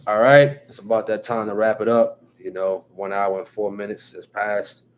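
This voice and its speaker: A man from New Jersey with a New Jersey accent, hosting a casual live stream, reading viewer comments and chatting in a relaxed way with lots of repeated phrases. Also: lowish voice, moderate pace, a little hiss or hum. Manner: relaxed, repeats phrases, frequent "you know what I'm saying", chuckles often.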